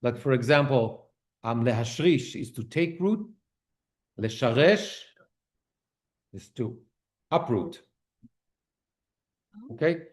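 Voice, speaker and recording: Speaking slowly and animatedly in a mid-range voice, with frequent pauses, a man leads a synagogue class on prayer. His conversational lecture explains terms one by one, and he keeps asking "okay?" and restarting phrases while translating.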